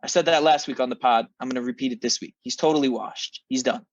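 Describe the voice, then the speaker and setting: A man's voice: medium pitch, fast talker, dry recording, muffled recording. A man co-hosting a casual sports podcast, ranting with wry self-mocking humor. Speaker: podcast co-host, football fan.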